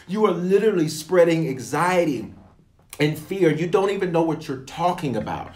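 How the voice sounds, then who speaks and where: A man's voice: fairly high pitch, lively intonation, normal speed. Emphatic man leading livestream prayer. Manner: emphatic, repetitive, preacherly; colloquial, addresses viewers directly. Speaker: bishop leading online prayer.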